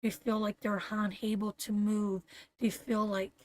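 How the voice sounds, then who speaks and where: A woman with a Canadian accent giving a live tarot reading, talking slowly and tenderly, repeating phrases and getting emotional. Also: medium pitch, level tone, darkish tone, no room sound. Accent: Canadian English. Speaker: tarot reader.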